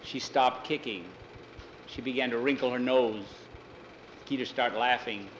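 An older man telling a children's ranch story in a homespun, unhurried way, with some fillers. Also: mid-range voice, steady tone, fairly bright tone, echoey room, slight background noise, low-quality recording.

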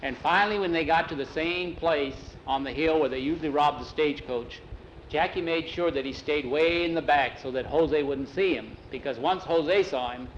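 A man telling a story aloud in a plain, unhurried way. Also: a little high, highs cut off, a little hiss or hum. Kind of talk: oral storytelling.

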